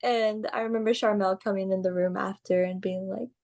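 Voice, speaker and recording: Young woman guest, animated storyteller, filler-heavy casual talk, mid-range voice. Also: medium pitch, a little fast, vocal fry. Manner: animated, full of "like" and "um", laughs through stories. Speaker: guest, pro wrestler.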